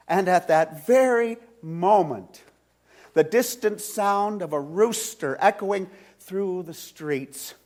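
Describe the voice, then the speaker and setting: A male pastor preaching a sermon in a church, retelling a story slowly with dramatic swings from loud to hushed. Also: sits high. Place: church sanctuary.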